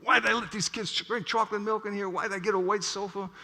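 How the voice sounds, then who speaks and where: A man on stage putting on the voice of an upset young wife, pushing into a high falsetto in an echoey hall. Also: flat delivery, quick pace. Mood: fretful. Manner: high falsetto when sweet, sharp when upset.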